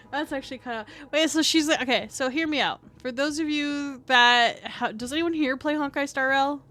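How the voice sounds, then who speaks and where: High-pitched tired streamer girl, scratchy throat, rambly, swears a lot, game music faint behind. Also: a bit bright. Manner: rambling, filler-heavy, swears freely, self-mocking. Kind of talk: casual live-stream chat.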